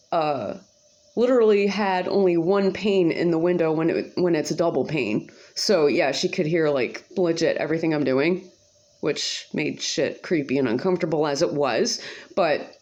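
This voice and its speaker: In her home kitchen, a woman vlogger with a mid-range, darkish voice rambles casually to camera. She speaks in a slangy, profane manner, wandering off into lots of asides.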